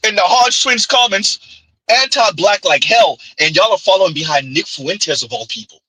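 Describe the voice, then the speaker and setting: A man's voice: high-pitched, animated, normal speed, bright, forceful tone, slightly rough, dry recording, rough recording. A man, hosting a sarcastic, heated commentary rant. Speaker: commentary channel host.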